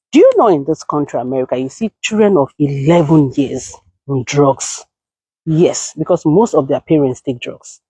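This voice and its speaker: Nigerian woman preaching advice at the camera, mellow low tone, dry close sound. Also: slightly rough, dry recording. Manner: emphatic, lecturing, mixes in Nigerian Pidgin. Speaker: content creator and caregiver. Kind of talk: casual advice talk to camera.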